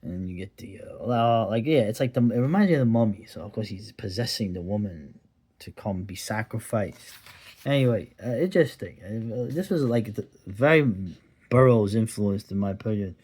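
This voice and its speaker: A man's voice: on the low side, lively intonation, normal speed, darkish tone, breathy edge. A man giving a casual, rambling review of an old comic, with digressions and sardonic asides.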